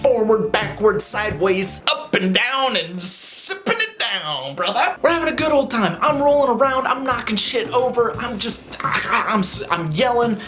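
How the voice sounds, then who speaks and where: A man's voice: very high voice, a little slow, few pauses. A man who sings and plays guitar in a touring band, telling a story to camera in casual, slangy talk and laughing as he goes. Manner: animated, laid-back slang, laughs while telling.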